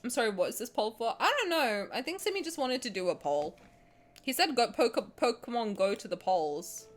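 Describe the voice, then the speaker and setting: A young adult woman streaming, chatting casually and reading game text aloud in an animated, joking way, giggling and swearing. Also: a little high, moderate pace. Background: faint game music.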